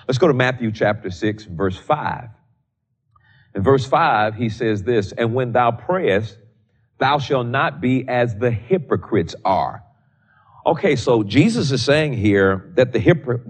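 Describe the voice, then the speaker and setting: A man in his sixties preaching a sermon on prayer, repeating key lines slowly for emphasis and reading scripture in old-fashioned wording. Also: on the low side. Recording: dull lo-fi recording.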